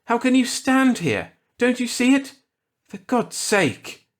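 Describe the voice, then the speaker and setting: A man voicing a panicked middle-aged shopkeeper, pleading and shouting in desperation. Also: very high-pitched, very animated, slow, pitched above the performer's own voice, full character voice. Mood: frantic.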